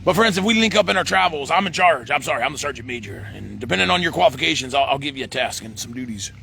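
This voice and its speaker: A man's voice: a little high, quick pace, vocal fry, slight background noise. A middle-aged man, rambling to a phone camera outdoors and saying "friends" over and over. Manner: says "friends" in nearly every line, rambling and excitable. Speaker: vlogger.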